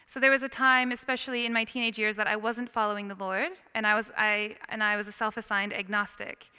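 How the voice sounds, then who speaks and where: A woman giving a lively Christian lecture on worldviews, questioning her audience as she teaches. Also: mid-range voice, brisk, clean tone. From United States. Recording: long hall reverb.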